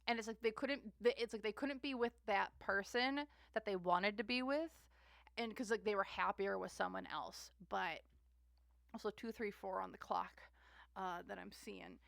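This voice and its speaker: A woman's voice: medium pitch, normal speed, creaky, a bit bright, no echo. A woman giving a casual, rambling tarot reading monologue, repeating herself and trailing off into fillers. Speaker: tarot reader.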